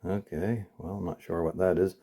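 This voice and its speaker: A man's voice: sits low, fairly even intonation, moderate pace, dark tone, husky. A man voicing a puzzled, polite female bank teller in a told joke.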